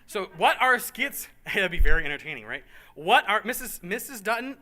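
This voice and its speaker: A man's voice: sits high, sing-song, bright, forceful tone. A man organizing a church program, giving a casual, joking planning briefing to a room of volunteers. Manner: upbeat and joking, with fast asides and repeats. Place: meeting room with a group present.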